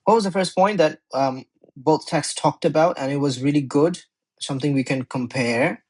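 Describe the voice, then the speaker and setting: Husky-voiced guy going thru an english exam, casual, keeps correcting himself, typing at a desk. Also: on the high side, moderate pace, darkish tone, poor audio. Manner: chatty, self-correcting, thinks aloud. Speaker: English tutor.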